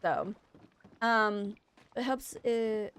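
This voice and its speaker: A woman's voice: mid-range voice, very slow, a bit bright, clean tone. A young adult woman streaming a game and chatting candidly with her viewers, venting emotionally and often restarting her sentences. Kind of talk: casual chat with viewers while gaming.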